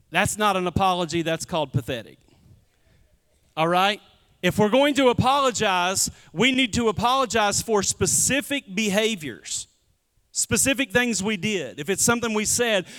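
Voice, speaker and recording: A pastor with a high, slightly bright voice gives a conversational sermon, calling out to the congregation. He's in a church sanctuary, and the recording carries a long hall reverb.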